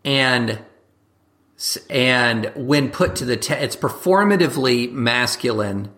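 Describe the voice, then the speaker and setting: A male guest commentator speaking in a relaxed, conversational interview. He talks quickly and animatedly, with a mid-range voice. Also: mid-range voice. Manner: quick, animated talk with mock voices for examples.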